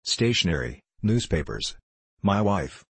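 A man reading an audiobook, voicing a sullen middle-aged shopkeeper who mumbles in a husky, sulky way. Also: deep voice, sing-song, measured pace, no room sound, heavily acted.

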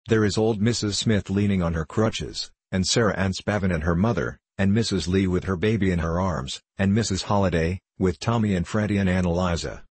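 A man narrating an old-fashioned children's story in a measured, gentle way. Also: sits low, slightly rough, no echo. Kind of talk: storybook reading.

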